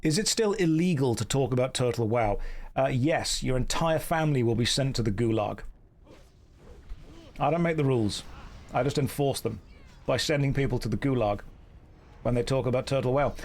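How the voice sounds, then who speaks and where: A man with a British received pronunciation accent, chatting casually as a streamer during a game with dry, deadpan jokes. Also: mid-range voice.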